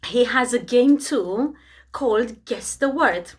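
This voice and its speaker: A woman teaching preschool children, gentle and encouraging as she leads a reading game. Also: a little high, lively intonation, slow pace, slightly rough. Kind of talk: children's lesson.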